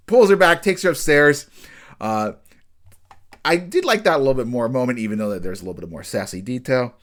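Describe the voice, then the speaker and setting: A man talks through an anime episode in a loose, chatty review, with a lively voice that swings up and down. He often stops mid-sentence and starts again, padding his talk with fillers. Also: mid-range voice. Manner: rambling, with frequent restarts and fillers; acts out characters' lines in quick bursts.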